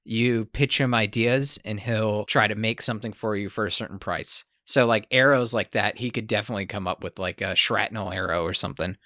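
A man hosts a casual podcast chat as the game master. His talk rambles, and he often makes fun of himself. His voice is bright and forceful, with a dry, close sound. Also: lowish voice, a little fast, few pauses, no room sound. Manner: rambling, self-deprecating.

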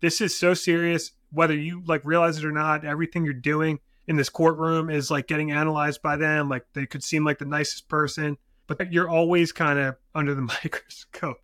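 A man's voice: a little high, little pitch movement, fairly bright tone, no echo, studio quality. A man with a New Jersey accent, an injury lawyer co-hosting a podcast, talking in rambling casual chat full of fillers. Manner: rambling, filler-heavy, quick mimicry.

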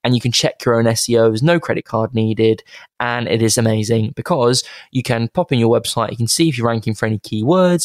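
A man's voice: medium pitch, no echo, clean studio sound. A man hosting a marketing podcast, talking in an enthusiastic, chatty and digressive way. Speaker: podcast host. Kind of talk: casual podcast monologue.

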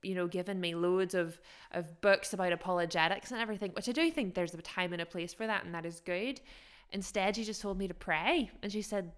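Earnest woman with a lowish voice. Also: a little fast, clean tone. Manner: earnest, reflective, searching. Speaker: podcast co-host. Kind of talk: personal faith story, casual podcast talk.

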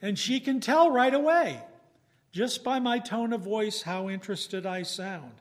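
Middle-aged male preacher, higher voice, slow deliberate teaching delivery. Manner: slow, measured teaching with fillers. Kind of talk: sermon.

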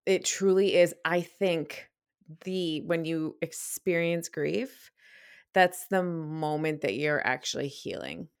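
Young woman podcasting solo, bit out of breath, lowish voice, chatty and candid, laughs a lot, drops the odd swear. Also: fairly even intonation, slow pace, smooth, no room sound, studio quality. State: slightly out of breath. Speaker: podcast host. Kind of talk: casual solo podcast talk.

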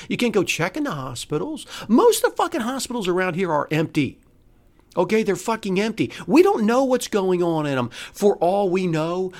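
A podcast host delivering an angry, profane, sarcastic solo rant. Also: mid-range voice. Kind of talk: solo ranting monologue.

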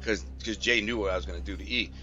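Bright-voiced man telling a rowdy story. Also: lowish voice, fast, highs cut off, faint music behind. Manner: rambling, slangy, full of fillers and restarts. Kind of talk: casual personal storytelling.

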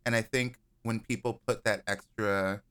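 A man guesting on a podcast in casual chat, joking and rambling in an animated way. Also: on the low side, a little slow, clear, resonant tone.

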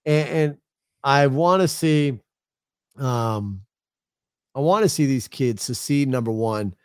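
A man's voice: medium pitch, slow, clean tone, no room sound, clean studio sound. A middle-aged man, co-hosting a casual podcast chat, rambling loosely with swearing. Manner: loose, rambling storytelling with frequent laughs and swearing. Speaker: podcast co-host.

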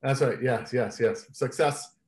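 A man being interviewed, telling stories in an animated way and laughing often. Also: mid-range voice, measured pace. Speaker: interview guest. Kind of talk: casual storytelling interview.

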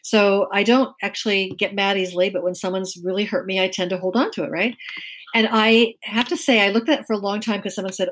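Husky-voiced woman, candid podcast guest. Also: medium pitch, fairly even intonation, fairly quick, a bit bright. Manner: candid, self-deprecating, laughs often. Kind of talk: casual chat.

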